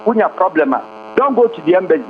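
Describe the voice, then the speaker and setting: A man's voice: high-pitched, big pitch swings, fast talker. A man giving impassioned political commentary as a radio guest, switching between Twi and English and firing off rhetorical questions. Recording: tinny phone-line radio audio with faint hum.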